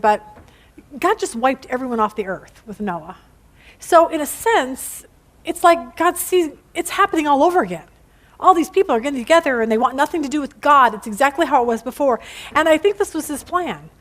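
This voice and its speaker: A middle-aged woman teaches a casual Bible study with a high voice. She is chatty and playful and tells her stories with humor. She acts out the quoted lines in funny voices.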